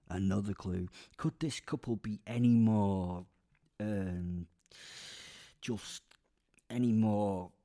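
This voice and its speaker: Man, sardonic storyteller, rambling asides, fairly low voice, dark tone. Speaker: narrator and lead character. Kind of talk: darkly comic serial narration.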